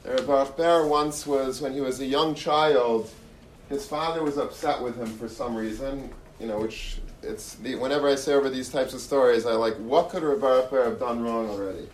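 A man's voice: medium pitch, normal speed. A man giving an earnest storytelling Torah talk, often repeating and restarting phrases. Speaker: Torah lecturer. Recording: echoey room, mic far off, faint noise.

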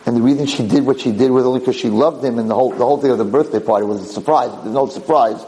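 A man giving a Torah lecture, telling a story in a lively, animated way, acting out the people in it. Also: racing, poor audio. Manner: animated, acts out yelling characters in high pitch. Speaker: rabbi lecturer.

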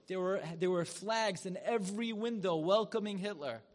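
A man with a somewhat high voice tells a sermon as a dramatic story. His words carry a long reverb, as if he speaks in a large hall. He turns loud and high for the big moments. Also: lively intonation, normal speed. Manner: dramatic, swells loud and high when acting out quoted rabbis.

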